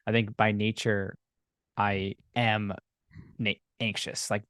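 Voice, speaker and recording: Thoughtful man hosting, low voice. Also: little pitch movement, fairly bright tone, no echo, clean studio sound. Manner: thoughtful, halting, restarts phrases. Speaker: podcast host. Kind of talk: interview questions.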